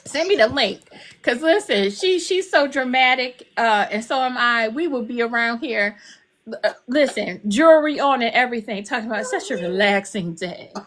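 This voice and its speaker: An older woman appearing as an author guest chats casually at normal speed in a fairly high-pitched voice. She tells her stories with animation, acting out the quotes of the people in them.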